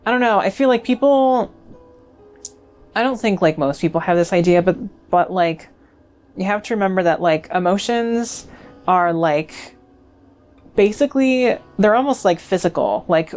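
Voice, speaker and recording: A woman's voice: mid-range voice, animated, normal speed, darkish tone, soft background music. A young adult woman giving casual let's play commentary, rambling and chatty with many fillers.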